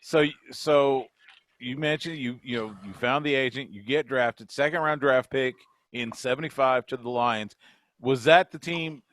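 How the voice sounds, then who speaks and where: A man hosting a podcast, asking relaxed questions in casual interview chat. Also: mid-range voice, a little slow, a little hiss or hum. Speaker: podcast host.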